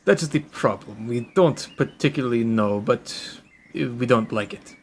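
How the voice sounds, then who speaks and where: A man's voice: medium pitch, unhurried, husky. A man voicing a scheming male adventurer with magical knowledge, using formal, old-fashioned phrasing. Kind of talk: tabletop role-play character voice.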